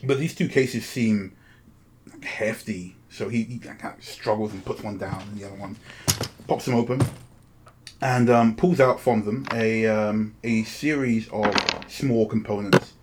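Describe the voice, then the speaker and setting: A man's voice: on the low side, unhurried, background noise. A man narrating a tabletop game as game master, describing scenes at length with many restarts. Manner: descriptive, full of fillers and restarts.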